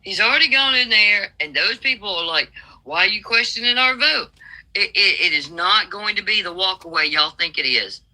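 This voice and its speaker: A blunt, folksy woman from Alabama speaks in a strong Southern accent. Her voice is very bright and cutting. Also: mid-range voice, animated, normal speed, few pauses, low-quality recording. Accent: Southern American. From Alabama, USA. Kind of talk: political call-in chat.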